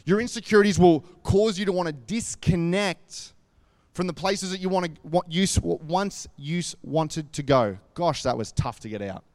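A man's voice: on the high side, moderate pace, a little mellow, dry recording. A man giving an earnest devotional talk, retelling a scripture story in a chatty way with many asides. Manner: earnest and conversational, with lots of "like" and asides.

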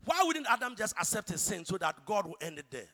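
High bright ghanaian guy preaching, big swings from shouting to hushed, echoey hall. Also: very animated, fairly quick. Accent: Ghanaian English. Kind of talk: sermon. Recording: church hall reverb.

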